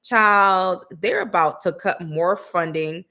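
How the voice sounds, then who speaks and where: A woman's voice: lowish voice, slow, bright, forceful tone. A woman co-hosting a podcast, talking in a blunt, sassy, slangy way with casual swearing. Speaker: podcast co-host. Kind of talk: casual commentary chat.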